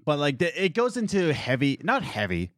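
Male co-host, casual rambling movie talk, very expressive pitch, dry mic. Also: normal speed, no room sound. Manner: animated, rambling, laughs at himself. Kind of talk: casual chat.

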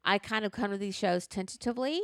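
A woman's voice: mid-range voice, fast, no room sound, clean studio sound. A woman co-hosting a podcast in casual chat, talking frankly and animatedly about what she is watching. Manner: animated, frank, uses y'all and slang. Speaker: podcast co-host. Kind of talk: casual chat, recommending shows.

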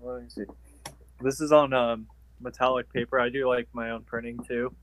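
A man's voice: medium pitch, little pitch movement, moderate pace. A man chatting over a video call on a tablet, easygoing and hesitant, with lots of ums. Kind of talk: casual video call chat.

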